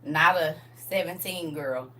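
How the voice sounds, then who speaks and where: A middle-aged woman chatting on a livestream from home, animated and talking straight to her viewers. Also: low voice, a little slow, far from the mic. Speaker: livestream host showing off a custom jacket. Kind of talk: casual livestream chat. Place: at home indoors.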